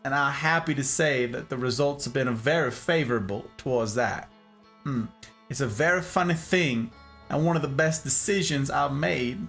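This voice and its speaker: A man's voice: medium pitch, moderate pace, vocal fry, a bit bright, soft background music. A man doing a Southern debutante. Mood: earnest. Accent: Southern US, put on. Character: genteel Southern debutante woman. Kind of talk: reading a chat answer in a put-on voice.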